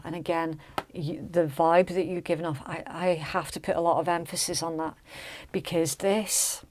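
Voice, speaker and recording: A woman's voice: lowish voice, a little mellow. A woman giving a casual, chatty tarot reading, often checking in with "okay?" and "right?". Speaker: tarot reader.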